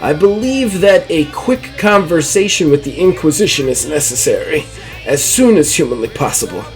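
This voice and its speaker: A man voicing a pious, commanding high church leader who speaks in formal, measured pronouncements. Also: sing-song, faint music behind, poor audio. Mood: solemn.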